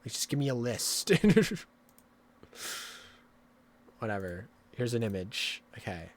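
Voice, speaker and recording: Excitable male game streamer. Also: mid-range voice, takes it slowly. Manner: excitable, swears, rambling explanations. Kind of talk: live-stream commentary.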